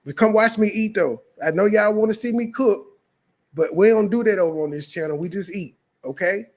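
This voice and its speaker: A man's voice: high-pitched, a little fast, darkish tone. A man hosting a reaction channel, mocking a clip in blunt, profane commentary. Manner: mocking, blunt, heavy cursing.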